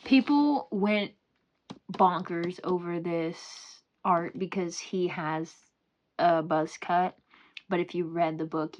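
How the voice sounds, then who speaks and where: A young woman showing off her book collection in a casual, excitable, rambling vlog at home. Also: on the low side. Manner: excitable, gushing, giggly, rambling. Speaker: book vlogger. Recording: noisy home recording.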